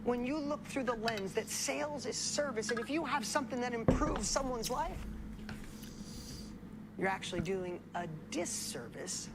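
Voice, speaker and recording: A woman's voice: fairly high pitch, animated, moderate pace, heavy background noise. Woman preaching from a stage. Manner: preachy, repeats key phrases, asks the audience questions. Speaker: motivational speaker. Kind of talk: motivational seminar speech.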